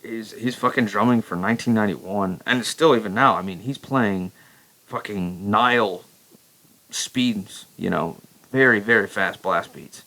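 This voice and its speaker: Male vlogger with a low, gravelly voice, profane and rambling. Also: unhurried, pushed and bright, poor audio. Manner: profane, rambling, enthusiastic, many restarts. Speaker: metal vlogger and vocalist. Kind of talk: casual record review chat.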